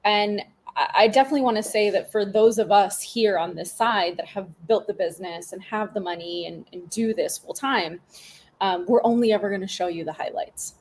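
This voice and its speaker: Woman in her 30s, a bit husky, chatting frankly on a podcast, lots of um and like. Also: medium pitch, moderate pace. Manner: chatty and frank, with frequent fillers and asides. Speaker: podcast guest, business mentor. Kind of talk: casual interview conversation.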